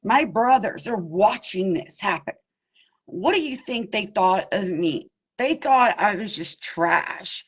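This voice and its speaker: A woman's voice: medium pitch, animated, slow pace, slightly rough, low-quality recording. A woman giving impassioned personal testimony as an abuse survivor, emphatic and pleading, calling her listeners y'all. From Pennsylvania.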